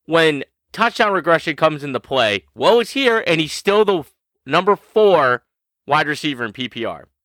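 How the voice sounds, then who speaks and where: A man's voice: on the high side, sing-song, moderate pace, a bit bright, no echo. A man co-hosting a fantasy football podcast, boasting and trash-talking in playful banter. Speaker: podcast co-host.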